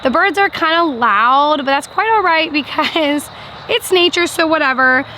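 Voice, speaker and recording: A woman's voice: high voice, moderate pace, bright, forceful tone, slight background noise. A young woman reviewing books in a casual vlog, enthusiastic and chatty, with lots of "like". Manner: enthusiastic, chatty, many "like" fillers. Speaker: book vlogger.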